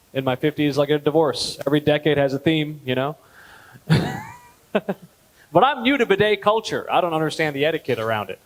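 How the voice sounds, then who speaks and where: A man in his thirties doing a stand-up comedy set at a gala, telling stories deadpan and jumping up in pitch on punchlines. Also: poor audio. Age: 30s. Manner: deadpan storytelling, with lively jumps in pitch on punchlines. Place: gala event hall.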